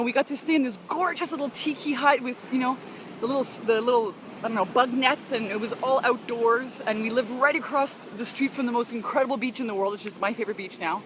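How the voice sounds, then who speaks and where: A woman with a high voice streams live to her followers as she walks along a beach. She talks in an effusive, emotional way, laughs and sighs often, and greets viewers by name. Faint outdoor noise and passing cars sit behind her voice. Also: a little fast. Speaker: business coach broadcasting live to followers. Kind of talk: casual live-stream chat.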